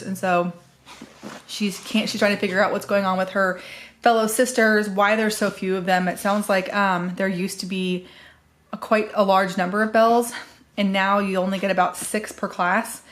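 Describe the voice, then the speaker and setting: A woman from the US Northwest, chatting casually as a book vlogger, rambling with fillers and correcting herself as she goes. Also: mid-range voice. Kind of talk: casual chat.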